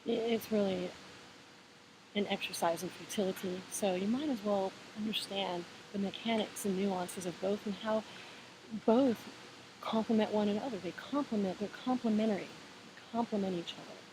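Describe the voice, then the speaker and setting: A woman giving relaxed, meandering spiritual advice in a casual vlog, talking in an encouraging way with many fillers and restarts. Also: mid-range voice, normal speed. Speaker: vlogger sharing spiritual advice. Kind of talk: casual reflective monologue. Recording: hissy home recording.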